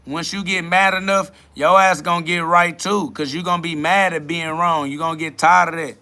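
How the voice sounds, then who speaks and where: A man's voice: a little high, fairly even intonation, moderate pace, pushed and bright. A man hosting a livestream, answering chat comments in a combative, dismissive way and swearing a lot. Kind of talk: profane spiritual livestream rant.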